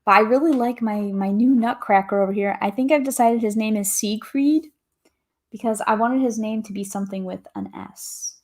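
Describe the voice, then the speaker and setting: A woman's voice: medium pitch, normal speed, darkish tone. A young adult woman hosting a casual livestream, chatting cheerfully and reading viewer comments aloud. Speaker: livestream host.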